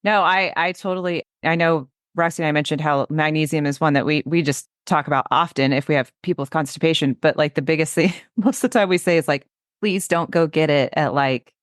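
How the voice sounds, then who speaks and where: Low-voiced woman podcast co-host. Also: no echo, clean studio sound. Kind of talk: podcast conversation.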